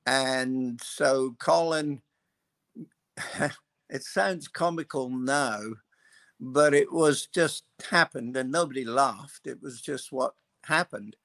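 An older man, a guest, telling long anecdotes in an unhurried, loose way, full of pauses and fillers. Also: mid-range voice, a bit bright, dry recording. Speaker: guest, former racing mechanic. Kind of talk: anecdotal storytelling.

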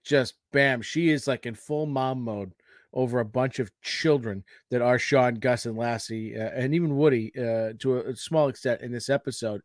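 A man in his forties co-hosting a casual podcast, excitable and playful, often laughing as he talks. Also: mid-range voice, no echo, clean studio sound. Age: 40s. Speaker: podcast co-host.

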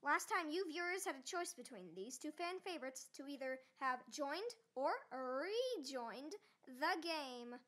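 A woman who voices every character in an animated object show herself, jumping between shrill shouts and flat mumbled asides. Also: unhurried, hardly any pauses.

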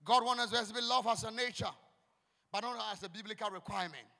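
Brief: Ghanaian male pastor, very high gravelly voice, shouting sermon in a long echoing hall. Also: fast. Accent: Ghanaian English. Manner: fiery, shouting, repeats declarations. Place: church hall.

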